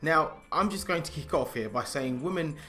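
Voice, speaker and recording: A man's voice: fairly high pitch, lively intonation, moderate pace, pushed and bright, soft background music. A man acting as an earnest, agreeable podcast host in a comedy sketch.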